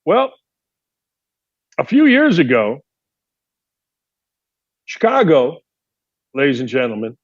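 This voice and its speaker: A man's voice: on the high side, muffled recording. A man from Indiana hosting a sports talk show, delivering an emphatic opinion monologue full of rhetorical questions.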